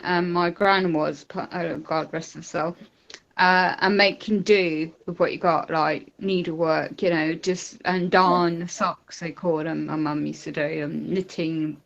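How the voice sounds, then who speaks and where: A woman's voice: low-pitched, steady tone, measured pace, creaky, highs cut off. A woman calling in to a live talk show, chatting in a rambling way with lots of fillers and asides. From United Kingdom. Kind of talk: casual chat.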